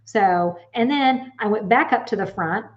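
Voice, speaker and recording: Animated, swearing woman in her late forties. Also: medium pitch, unhurried, highs cut off. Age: late 40s. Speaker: psychic medium hosting a Q&A. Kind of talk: casual chat to viewers.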